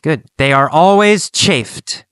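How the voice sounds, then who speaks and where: Deliberate English teacher, clear voice. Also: male voice, on the high side, lively intonation, a bit bright, no room sound. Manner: slow, deliberate, repetitive drilling. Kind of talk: English listening lesson.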